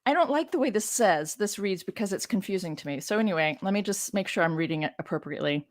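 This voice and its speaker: A woman teacher reads scripture aloud and breaks off into chatty, frank asides, often turning to her listeners with rhetorical questions. Her voice sits at a middling pitch and sounds dry and close, recorded at home. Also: lively intonation, quick pace, hardly any pauses, no echo. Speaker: biblical scholar and teacher. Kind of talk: casual scripture reading with commentary.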